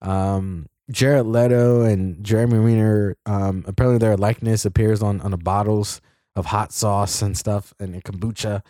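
A man's voice: on the low side, fairly even intonation, normal speed, warm tone, no room sound, clean studio sound. A man giving a casual spoken film review for his show, rambling with many fillers and restarts. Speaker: podcast movie reviewer.

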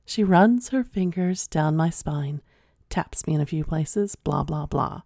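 A woman's voice: sits low, measured pace, creaky, warm tone, no room sound, clean studio sound. A woman host reading a listener's submitted story aloud in a frank, plain manner, sometimes dropping into an unvoiced whisper, then chatting casually about it.

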